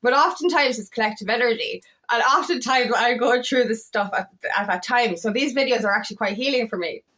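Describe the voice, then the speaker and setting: Woman, empowerment coach, confessional vlog; quirky, heartfelt rambler who swears a lot, a little high-voiced. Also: brisk, pushed and bright. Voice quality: eccentric, quirky talker. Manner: rambling, heartfelt, swears often, voice catching with emotion. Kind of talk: emotional personal vlog monologue. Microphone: camera.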